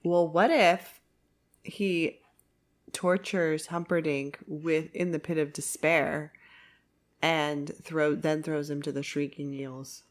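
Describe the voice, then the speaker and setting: A woman with a lowish voice chats on a podcast, taking her time with each thought. She hesitates and trails off now and then, and she laughs easily at her co-host's jokes. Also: flat delivery, slow. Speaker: podcast co-host. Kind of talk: casual chat.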